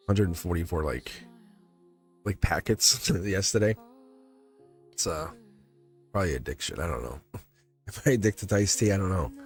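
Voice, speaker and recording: A man hosting a live tarot reading in casual spiritual talk, rambling and repeating phrases, chuckling often. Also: low-pitched. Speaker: tarot reader livestream host.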